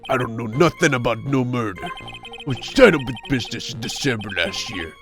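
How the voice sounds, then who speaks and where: A game streamer voicing a gruff, hot-tempered male loan shark who talks like a street thug while reading game dialogue aloud, with game music underneath. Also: mid-range voice, animated, brisk, pitched below the performer's own voice, lightly acted. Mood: menacing. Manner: growling, bullying, street-tough talk.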